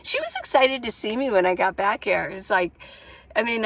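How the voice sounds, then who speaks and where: A woman's voice: a little high, very animated, moderate pace, fairly bright tone, no echo. A woman vlogging from inside her minivan, chatting casually and rambling through stories. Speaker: van-life vlogger. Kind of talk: casual chat to camera.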